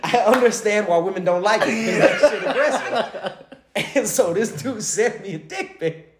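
A man's voice: sits high, lively intonation, moderate pace, reverberant. A man in his late twenties telling a story in casual slang, laughing often as he talks. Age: late 20s.

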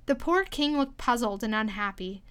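A woman reading a storybook aloud in an expressive, lively storytelling manner. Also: a little high, normal speed, clear, resonant tone. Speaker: storybook reader. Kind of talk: storybook read-aloud narration.

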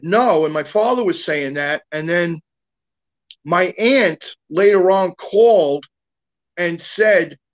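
A man's voice: high-pitched, lo-fi sound. A man guest telling a long personal story in casual talk, rambling with lots of fillers and restarts.

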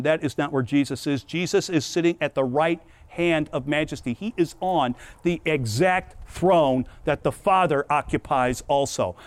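A man preaching a sermon, telling a personal story in an earnest, emphatic, lively way. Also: fairly high pitch, no room sound.

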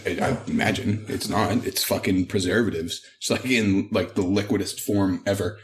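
A man in his thirties with a somewhat low voice chats on a casual podcast. He tells profane workplace stories and acts out the people in them. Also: normal speed, a little hiss or hum. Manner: profane storytelling, animated retellings. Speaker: podcast co-host. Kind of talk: casual chat.

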